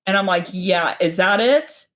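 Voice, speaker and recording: A woman in her thirties hosting a live stream, casual and animated, acting out little quoted exchanges as she explains. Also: on the low side, unhurried. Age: 30s. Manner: animated, nerdy, acts out quoted dialogue.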